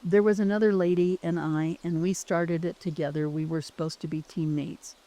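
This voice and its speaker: A woman's voice: lowish voice, fairly even intonation, normal speed, mellow. A woman who used to teach, telling a personal story in an earnest, heartfelt way, often restarting her sentences. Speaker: former teacher.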